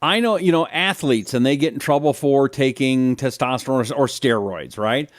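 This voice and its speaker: A man's voice: medium pitch, moderate pace, no echo, clean studio sound. A man co-hosting a casual talk show, jokey and asking leading questions.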